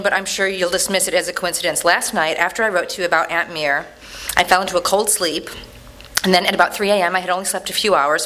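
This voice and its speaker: Woman, dramatic letter reading, animated, conversational, bright, sharp voice. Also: lowish voice, slight background noise.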